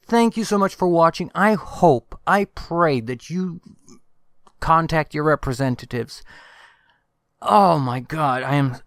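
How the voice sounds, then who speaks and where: A furious man rants to his audience, pressing the same calls to action again and again. His voice sits a little high and comes through smooth and clear. The recording is dry and close, with no room sound. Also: no echo. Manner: emphatic, exhorting, repeats calls to action. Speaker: channel host. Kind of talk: angry political rant to camera.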